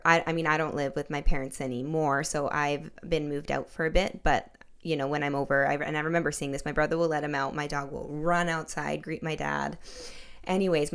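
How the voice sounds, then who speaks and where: A woman's voice: sits low, fairly even intonation, normal speed, fairly bright tone, clear, resonant tone. A young woman hosting a casual interview podcast, telling personal stories in a chatty way full of likes and you-knows. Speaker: podcast host.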